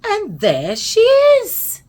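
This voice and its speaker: A woman voicing a small, upset boy bear cub with a high, squeaky voice in a storybook read-aloud. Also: wildly swooping pitch, very slow, darkish tone, full character voice. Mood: excited.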